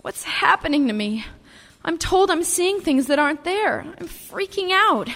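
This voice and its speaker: A woman playing an anxious, excitable young woman who insists on what she sees. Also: very high voice, in a large hall, heavily acted. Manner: excitable, insistent, quickly rattled.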